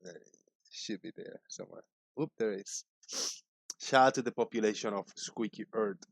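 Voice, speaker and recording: A man's voice: fairly low pitch, moderate pace, vocal fry, no room sound, studio quality. A man hosting a live chat stream, upbeat and greeting his viewers one by one by name. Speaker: livestream host.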